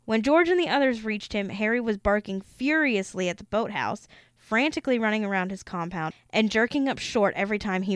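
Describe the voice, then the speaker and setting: Woman, podcast host, reads a book aloud, smooth clear voice, dry close sound. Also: medium pitch, brisk, no room sound. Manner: steady reading with laughing asides.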